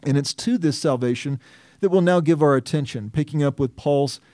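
A man's voice: on the high side, normal speed, darkish tone, no room sound, studio quality. A man preaching an expository sermon as pastor. He reasons aloud in an earnest way, often restarting and putting questions to himself.

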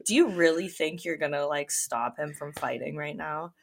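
A woman's voice: deep voice, moderate pace, slight background noise. A woman guest on a podcast, recapping episodes in laid-back casual chat.

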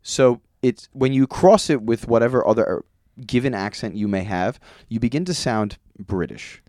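A man being interviewed, telling rambling family stories in a casual, animated way and laughing often. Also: mid-range voice, normal speed, dry recording, studio quality. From Long Island, New York. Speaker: guest musician.

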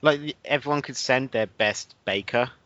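A man's voice: medium pitch, normal speed, a bit bright, dry recording. A man co-hosting a casual joking chat on a dull lo-fi recording. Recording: dull lo-fi sound.

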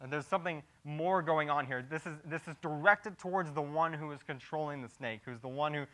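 Male preacher, sermon, bright edgy tone, fairly high voice, hushed then emphatic, stumbling restarts. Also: brisk, low-quality recording. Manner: swings between hushed gravity and loud animated emphasis; frequent restarts and repeated words when improvising. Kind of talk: expository sermon.

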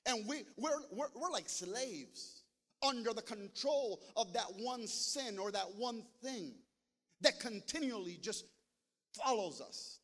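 A man preaching a sermon as pastor, talking straight to his congregation and building to loud, emphatic passages. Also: very high voice. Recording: long hall reverb.

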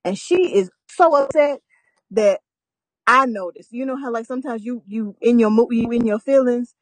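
A young adult woman in a casual chat, telling a story with lively acted-out quotes and frequent laughter. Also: on the high side, moderate pace, no room sound. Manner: animated storyteller, acts out quotes, laughs often.

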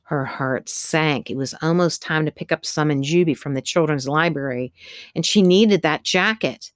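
A woman reads a novel aloud in a steady, measured way, her voice sitting quite low. The recording is close and completely dry, with no room sound at all. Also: no room sound. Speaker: audiobook narrator. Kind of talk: scripted narration.

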